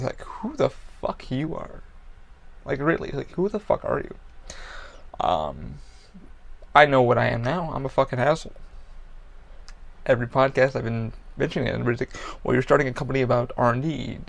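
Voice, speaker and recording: A man's voice: mid-range voice, gravelly. A man hosting his own podcast, talking bluntly and candidly about his life, swearing often and restarting sentences as he goes. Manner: blunt, profane, halting with restarts. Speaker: podcast host. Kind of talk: candid personal monologue. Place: Florida.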